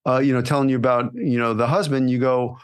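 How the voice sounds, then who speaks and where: Energetic man giving a pep talk. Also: medium pitch, fast talker, clear, resonant tone. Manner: energetic, coaching, repeats "right?" and "you know". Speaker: podcast host and acting coach. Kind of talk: motivational podcast monologue.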